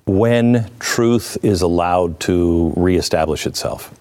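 A man who is a guest commentator, speaking in deliberate, impassioned commentary that rises to fervent appeals. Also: sits low, darkish tone.

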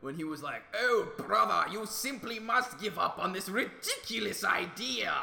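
A man's voice: high-pitched, very animated, fast talker, sharp tone, full character voice. A man playing Marvin Darwin, the touchy brother of a famous naturalist, whose strange voice he calls a speech impediment. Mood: defensive. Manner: touchy, defensive. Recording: echoey room with long reverb.

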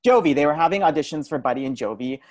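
A man's voice: fairly high pitch, lively intonation, racing, no room sound. A man in his twenties, a podcast guest chatting casually and telling stories with self-amused flair.

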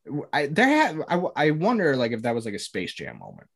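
A man's voice: medium pitch, huge pitch swings, a little fast, gravelly, fairly bright tone, breathy edge. Podcast host, male, casual rambling sports talk. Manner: rambling, joking, lots of fillers.

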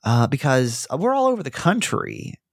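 A man hosting a podcast, telling stories in a rambling, animated casual chat. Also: mid-range voice, moderate pace, no echo, studio quality. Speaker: podcast host.

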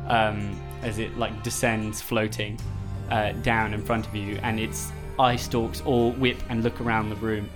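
A man narrating a tabletop game as game master, hesitant and filling pauses with "um". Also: fairly low pitch, level tone, over music. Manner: unhurried, hesitant, many "um"s.

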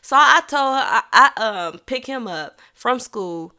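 A woman telling a personal story in a casual vlog, animated and profane, acting out the other people in it. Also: a little high, measured pace, few pauses. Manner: animated, profane, acts out voices in her story.

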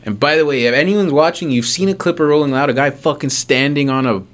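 A man's voice: fairly high pitch, fast. A man hosting a casual podcast interview, laid-back and slangy, swearing casually. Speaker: podcast host.

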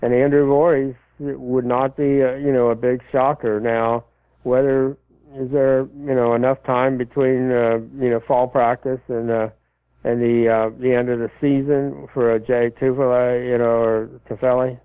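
Answering listener questions on college football, a man rambles and halts, restarting often and leaning on fillers. His medium-pitched voice is smooth with little pitch movement. The sound is a dry, tinny phone line.

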